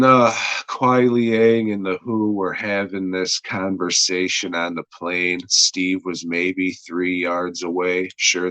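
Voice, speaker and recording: Slow, deep-voiced man recapping crudely. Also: a bit bright, no room sound, poor audio. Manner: rambling, crude, heavy swearing, lots of uh. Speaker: podcast host reviewing an episode. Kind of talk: casual plot recap.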